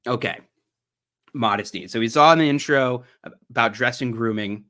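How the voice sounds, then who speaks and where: A man's voice: fairly low pitch, moderate pace, a bit bright. A man with an Ohio accent giving sarcastic, mocking livestream commentary on an article he reads aloud. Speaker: streamer.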